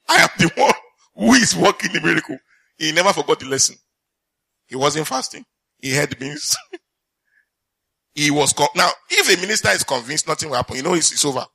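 A male preacher with a bright, ringing voice, delivering a sermon with emphatic repetition and questions thrown out to his listeners. He pitches a little higher than most men. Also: slightly rough. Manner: emphatic, repeats lines for effect, reads scripture aloud; asks the congregation questions.

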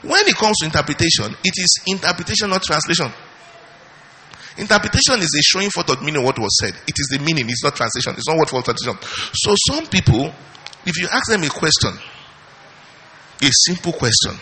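An emphatic male pastor preaching a sermon, his bright, forceful voice ringing out. He repeats his key phrases and answers his own questions. A long reverb hangs in the church hall. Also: mid-range voice.

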